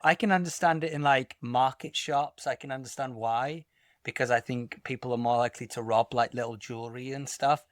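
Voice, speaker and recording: A male podcast co-host tells his stories in a casual chat, blunt and exasperated, cursing now and then. His everyday middle-pitched voice has fairly even intonation and a slightly fast pace, recorded dry and close with no room sound or echo.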